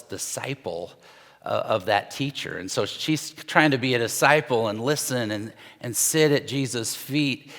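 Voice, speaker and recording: A middle-aged pastor with a mid-range, fairly bright voice preaches a loose, conversational sermon, often restarting sentences and acting out quotes. The church sanctuary gives the recording a long hall reverb.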